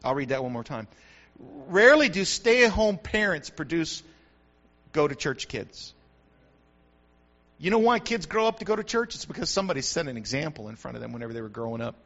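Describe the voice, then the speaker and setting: A man's voice: medium pitch, lively intonation, very fast, gravelly, hardly any pauses, fairly bright tone, dull audio. An older man from the United States, a grandfather and pastor, preaching a sermon with repetition and rising emphasis.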